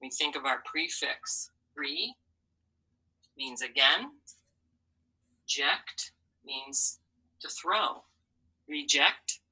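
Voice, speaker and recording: A woman teacher leads a phonics lesson for children at a very unhurried pace. Her low voice has a bright, slightly husky edge. She sounds out letters and syllables and cheers the kids on patiently. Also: poor audio.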